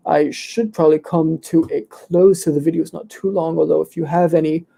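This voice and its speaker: A man playing a smug, pompous young internet debater who is hoarse and losing his voice, rattling off fallacy names with complete self-assurance. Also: a little high, fairly even intonation, brisk, warm tone. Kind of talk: comedic live Q&A role-play.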